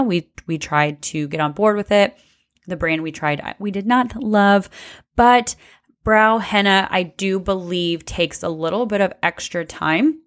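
Chatty woman with a low voice. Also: fairly bright tone. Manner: chatty and informal, many fillers. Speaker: podcast host, brow technician. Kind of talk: casual solo podcast talk.

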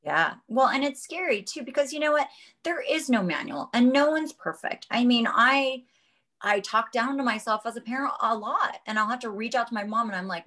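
A woman's voice: a little high, normal speed, bright, forceful tone. A woman speaking as a guest, earnest and frank, rambling a little as she talks. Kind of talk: casual chat.

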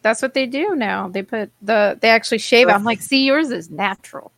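A woman co-hosting a podcast in casual banter, telling animated stories and swearing freely. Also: a little high, normal speed, vocal fry, crowd noise. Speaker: podcast co-host.

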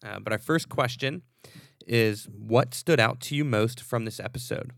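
A man hosting a podcast, relaxed and affirming, with many fillers as he talks. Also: medium pitch, moderate pace, creaky, dry recording, studio quality. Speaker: podcast host. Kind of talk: casual podcast talk.

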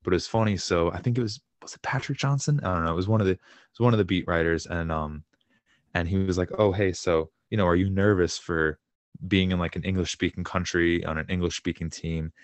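This is a young man's deep voice, brisk and dryly recorded, co-hosting a sports podcast while home with a broken shin. The chat is casual but he gets fired up, swearing and breaking into laughter mid-story.

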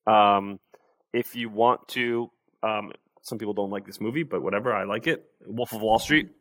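A man's voice: fairly low pitch, moderate pace, fairly bright tone, dry recording. A young adult man, a sales coach, explaining and demonstrating tones of voice in a casual interview.

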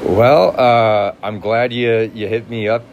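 A man with a deep, low voice chats loosely on a podcast, circling his thoughts with fillers and false starts. A faint hum of air conditioning sits under him. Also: steady tone, takes it slowly, darkish tone, highs cut off. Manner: rambling, hesitant, many fillers. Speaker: guest comedian. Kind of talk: casual podcast chat.

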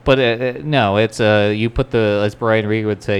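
A man's voice: fairly low pitch, moderate pace, hardly any pauses, slight background noise. A man co-hosting a podcast, talking casually with plenty of profanity and joking, often laughing. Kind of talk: casual crude banter.

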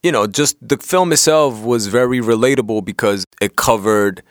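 A young man with a New York City accent, chatting casually as a co-host in animated, slangy street talk. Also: mid-range voice, normal speed, no room sound, clean studio sound. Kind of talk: casual chat.

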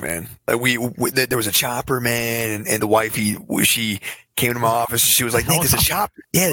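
Guy talking fast and animated, slightly husky voice, dry close mic. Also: mid-range voice, no echo. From Los Angeles area. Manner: animated storyteller, acts out quotes loudly. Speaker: streamer telling a story. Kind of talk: casual chat.

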